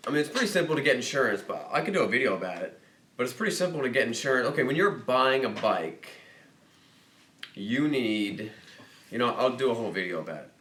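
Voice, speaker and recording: A man hosting a casual livestream, reading viewer questions aloud and thinking out loud in a rambling, jokey way. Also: medium pitch, roomy sound. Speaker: host of a motorcycle dealership livestream.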